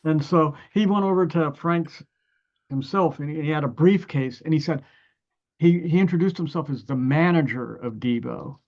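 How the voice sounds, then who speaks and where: A man's voice: a little high, normal speed. Older ohio guy rambling thru a story, lots of um and uh, keeps restarting, kinda muffled dull audio. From Ohio, USA. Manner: rambling anecdotes with many restarts and fillers; acts out other people's lines in the story. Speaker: musician guest. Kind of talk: conversational storytelling.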